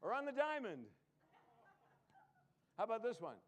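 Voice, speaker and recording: A man's voice: very high voice, very animated, moderate pace. A man performing a comedy magic act on a live stage, full of puns and self-mocking jokes. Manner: punning, self-mocking, jokey.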